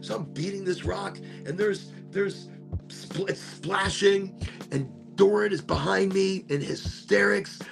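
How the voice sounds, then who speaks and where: Gravelly, animated storytelling man. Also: high voice, a little slow, faint music behind. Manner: animated, swears, repeats words. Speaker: podcast host. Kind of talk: casual storytelling.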